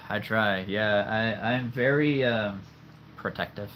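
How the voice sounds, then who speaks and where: A man's voice: on the low side, takes it slowly, long pauses, a bit bright, slight background noise. A man in his thirties chatting casually on a livestream from his home, rambling and laughing often at himself. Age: 30s. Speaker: streamer showing his figure collection. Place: home room with toy figures.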